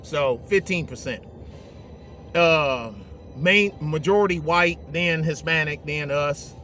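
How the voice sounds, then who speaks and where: A man's voice: a little high, slow pace, bright, forceful tone, soft background music. A man telling a story in casual, rambling talk from inside his truck, trailing off into fillers. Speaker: vlogger. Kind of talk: casual storytelling while driving.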